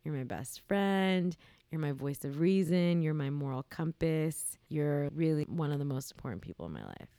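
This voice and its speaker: A woman's voice: sits low, animated, moderate pace, mellow, no echo. A young woman appearing as a guest on her sister's podcast, talking in an earnest, rambling, chatty way. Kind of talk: casual chat. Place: on a couch at home. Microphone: studio microphone.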